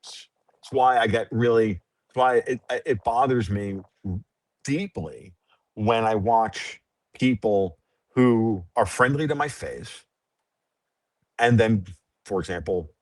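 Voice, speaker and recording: A man's voice: lowish voice, slow, long pauses, no echo. Male guest, blunt and profane, freewheeling talker, dry close sound. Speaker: podcast guest. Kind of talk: casual interview chat.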